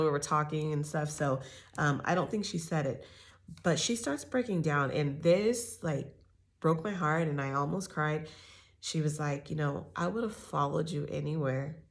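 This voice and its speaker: A woman giving a casual, opinionated reality TV recap, chatty and full of fillers and restarts. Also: low voice. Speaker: TV recap host.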